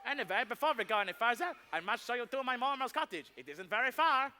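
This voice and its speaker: A man's voice: very high-pitched, sing-song, quick pace, heavy background noise. A man playing a goblin who poses as a jolly Swedish woodcutter, with a put-on Swedish accent, sing-song and giggly, in a pantomime with songs. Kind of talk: pantomime stage acting with songs.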